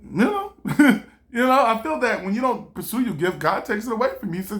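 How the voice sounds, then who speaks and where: A man's voice: sits high, very animated, brisk, a bit bright. A man, a stand-up comedian, talking casually and animatedly to camera, often laughing and switching into voices for the people he quotes. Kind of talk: casual motivational monologue.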